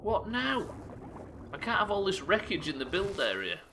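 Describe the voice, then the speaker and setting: A young man streaming a building game live, commenting as he plays and bantering with viewers in an animated, sweary, self-mocking way. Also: fairly high pitch, a little fast, background noise.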